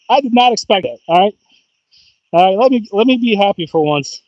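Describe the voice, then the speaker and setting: A man chatting casually on a fishing livestream outdoors, excitable and talkative, often bursting into whoops and laughs. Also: high-pitched, normal speed, long pauses, no room sound, highs cut off. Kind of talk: casual live-stream chat. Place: outdoors by the water.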